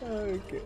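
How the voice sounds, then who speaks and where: A male gaming streamer with a very high, darkish voice commentates on gameplay, dissolving into helpless, hysterical laughter to the point of tears and swearing as he talks.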